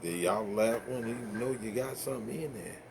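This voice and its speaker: A man's voice: lowish voice, normal speed, creaky, music in the background. A man ranting casually to the camera, rambling and profane, stumbling over fillers and laughing at his own jokes.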